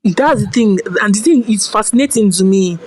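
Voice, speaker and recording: A Nigerian woman speaks as a podcast guest in an unhurried, mid-pitched voice, recounting her own story with animation. She drops into pidgin phrases now and then and trips over her own starts. The talk is loose and conversational. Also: a little hiss or hum, low-quality recording. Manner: animated, slips into pidgin phrases, restarts often. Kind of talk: casual storytelling chat.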